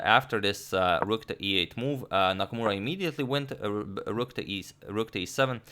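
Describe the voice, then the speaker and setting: A man analyzing a chess game move by move, explaining with frequent pauses, restarts and filler sounds. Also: fairly low pitch, bright, forceful tone. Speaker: chess commentator.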